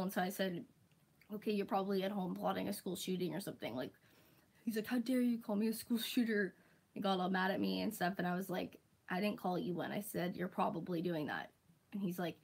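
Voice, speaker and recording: In a rough recording, a young woman vlogger rants casually to the camera in a mid-pitched, exasperated monologue. Profanity comes easily, "like" turns up constantly, and she mocks her critics with silly impressions when quoting them.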